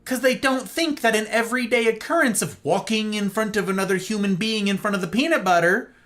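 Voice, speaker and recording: An American man hosting a livestream monologue, talking in an animated way and often checking in with "right?" and "okay?". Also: high-pitched, brisk. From United States. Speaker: host.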